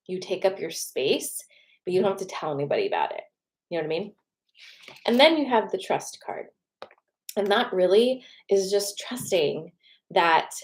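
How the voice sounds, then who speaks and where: A woman with a slightly low voice talks viewers through a casual card reading. She is chatty and encouraging and often checks in with "okay?" and "right?". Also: a little mellow. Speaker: tarot card reader and host.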